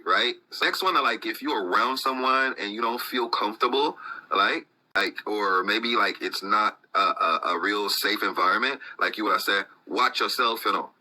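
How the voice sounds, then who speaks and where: Laid-back man from Belize, bright timbre. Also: fairly low pitch, moderate pace, slight background noise, rough recording. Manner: laid-back, full of "like" and "you know". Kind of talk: casual explanation of slang.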